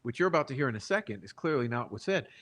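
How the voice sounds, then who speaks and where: A man's voice: mid-range voice, big pitch swings, fairly bright tone. A man hosting true-crime commentary, reading out trial testimony and arguing emphatically, often asking "okay?" and "right?" to press his point. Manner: emphatic, rhetorical, seeks agreement with repeated "okay?" and "right?"; deliberate, stretches key words for emphasis. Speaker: channel host and commentator.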